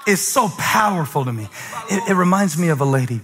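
A man from South Carolina preaching a sermon as pastor, dropping to a hush then building to shouts with repeated rhetorical questions. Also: sits high, animated, fairly quick. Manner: dramatic preaching, swings from hushed to shouting; rhetorical questions and call-and-response with congregation.

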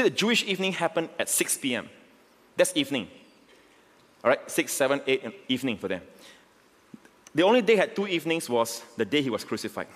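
A male pastor preaching a sermon, emphatic and swelling to near shouts, often checking in with the congregation. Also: mid-range voice. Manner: emphatic, rising to near shouts on key lines; repeats call-outs to the congregation. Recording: long hall reverb.

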